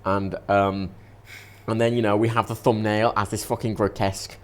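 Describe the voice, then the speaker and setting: A man co-hosting a casual podcast, rambling and swearing, easily excited. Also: on the low side, moderate pace. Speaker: podcast co-host.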